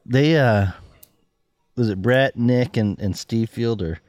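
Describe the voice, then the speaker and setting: A man's voice: medium pitch, slow pace, darkish tone, dry recording, clean studio sound, faint music behind. A man hosting a podcast in casual chat, rambling, laughing often and restarting his sentences. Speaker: podcast host.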